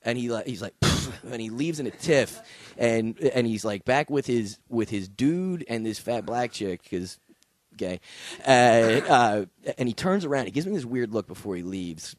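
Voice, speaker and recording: A man's voice: mid-range voice, animated, moderate pace, no room sound. A male comedian telling a wild story on a podcast, with punchy, profane delivery. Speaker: guest comedian. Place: studio with podcast guests.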